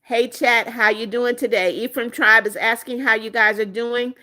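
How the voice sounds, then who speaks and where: Reading viewer comments out loud and responding in a friendly manner, a middle-aged American livestream host keeps the chat casual. Her voice runs on the high side, steady and bright with a forceful edge, at a moderate pace.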